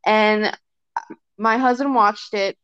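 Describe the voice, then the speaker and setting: A young woman talks casually as a podcast guest, at a middle pitch. Her talk is loose and full of fillers and quick acted-out quotes. The recording is dry and a little dull. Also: fairly even intonation, fairly bright tone, clear, resonant tone, no room sound. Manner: chatty, filler-heavy, often acts out quotes. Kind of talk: casual chat. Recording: dry, slightly dull sound.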